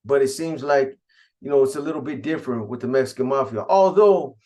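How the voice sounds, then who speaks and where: A man's voice: medium pitch, a little fast, a little mellow. A man casually recounting a prison gang story in profane street slang.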